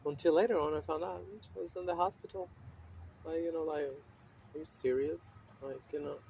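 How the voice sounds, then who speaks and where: A man speaking in a loose, rambling monologue with a steady stream of fillers and swearing. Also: a little high, normal speed, gravelly, a little hiss or hum. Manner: rambling, profane, with frequent fillers and laughs. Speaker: vlogger. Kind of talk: casual monologue.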